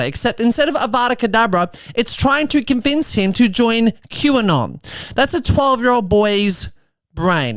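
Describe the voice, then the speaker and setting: Australian man in his twenties, smooth voice. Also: high-pitched, a bit bright, no echo. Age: 20s. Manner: quick, chatty storytelling with asides. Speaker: podcast host and comedian. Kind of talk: comedic monologue turning to social commentary.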